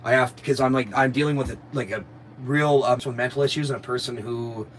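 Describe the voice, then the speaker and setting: A man's voice: mid-range voice, steady tone, a little fast, slight background noise, low-quality recording. A man, a live streamer, telling his viewers a story in a rambling, profane and aggrieved way.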